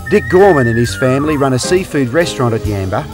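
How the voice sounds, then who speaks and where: A man's voice: mid-range voice, animated, fast talker, over music. A man presenting a travel documentary, narrating in an upbeat, promotional tour-guide manner. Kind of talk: scripted documentary narration and on-location interviewing.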